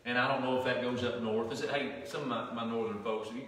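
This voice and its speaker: A man's voice: medium pitch, fairly even intonation, quick pace, a crowd in the background. A man with a Southern US accent preaching a sermon as pastor, folksy and conversational, often restarting his sentences. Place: church sanctuary. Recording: echoey hall from far off.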